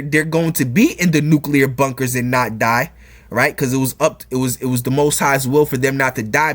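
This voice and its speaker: A man delivers informal religious commentary in a middle-pitched voice, reading passages aloud and then preaching over them. He talks emphatically, repeats key phrases, and keeps checking in with "all right?" and "man", with frequent chuckles. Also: slightly rough.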